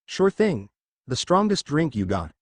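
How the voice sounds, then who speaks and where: A man's voice: on the high side, big pitch swings, measured pace, dry recording. A man voicing a bold, hard-drinking young ninja woman in a read-aloud story. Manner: cocky, brash.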